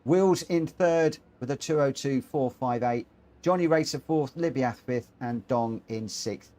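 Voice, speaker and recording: A man streaming online races, giving excitable live commentary and chatting with viewers. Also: mid-range voice, a little slow. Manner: excitable, rising into animated commentary. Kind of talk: live race commentary and chat.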